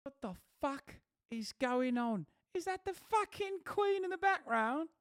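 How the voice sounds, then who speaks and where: A furious swearing British producer. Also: male voice, very high-pitched, expressive, a little slow, no room sound, studio quality, pitched above the performer's own voice, exaggerated voice. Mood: outraged. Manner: outraged, cursing, disbelieving.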